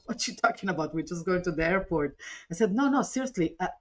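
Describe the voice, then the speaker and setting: A woman recounting a personal story as a podcast interview guest, earnest and animated, often restarting her sentences. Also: fairly low pitch, fast talker, slight background noise.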